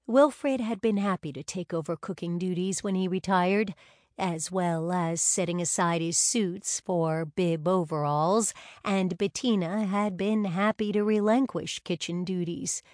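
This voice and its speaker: A woman reads a novel aloud in a measured, unhurried way. Her voice sits on the low side and her pace is very slow. The recording is dry and close with no room sound. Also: a little mellow, no room sound. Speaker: audiobook narrator. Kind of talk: scripted narration.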